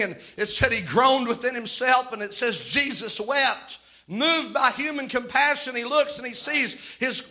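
A male preacher with a very high, piercingly bright voice delivers a fervent sermon. He acts out the people he quotes and stretches key words for drama.

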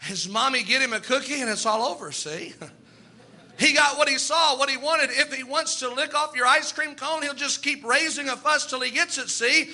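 High, bright-voiced fervent man preaching. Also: moderate pace. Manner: fervent preaching, acts out the people in his stories. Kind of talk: sermon.

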